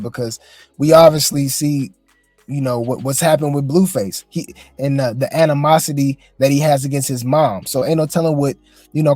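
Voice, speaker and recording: A man's voice: a little high, warm tone, no room sound. A male host giving casual commentary in an easygoing, hesitant way. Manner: easygoing, hesitant, many fillers.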